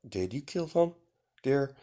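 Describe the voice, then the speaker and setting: A man voicing an anxious, caring woman of the household, pitching his voice higher and speaking fretfully and softly. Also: lively intonation, unhurried, lightly acted. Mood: worried.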